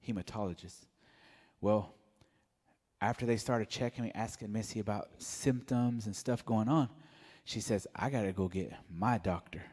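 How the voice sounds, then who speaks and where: A man giving a mellow, soft-spoken personal testimony at church. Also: fairly low pitch, in a large hall. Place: church sanctuary.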